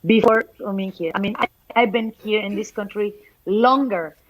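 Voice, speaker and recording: A woman's voice: medium pitch, moderate pace, lo-fi sound, slight background noise. A woman from Mexico City with a Mexican Spanish accent, a singer-songwriter guest chatting expressively on a video call. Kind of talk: casual chat on a live stream.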